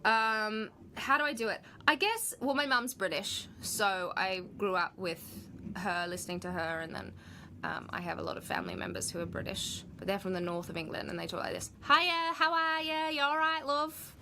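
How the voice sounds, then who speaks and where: Bright, playful woman answering fan questions. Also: fairly low pitch, slight background noise. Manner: playful, chatty, quick to laugh. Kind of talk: live Q&A reading viewer comments.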